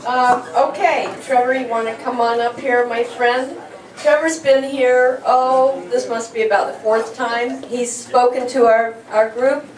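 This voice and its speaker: A woman's voice: a little high, level tone, distant mic. Chatty woman introducing, echoey hall. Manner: halting, chatty, with fillers. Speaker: event organizer introducing the speaker. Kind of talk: casual introduction.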